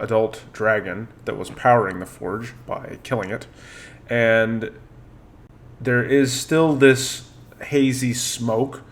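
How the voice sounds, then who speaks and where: A man running a tabletop game as game master, narrating the scene at an easy pace with frequent fillers and restarts. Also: lowish voice. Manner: relaxed, halting narration with many fillers.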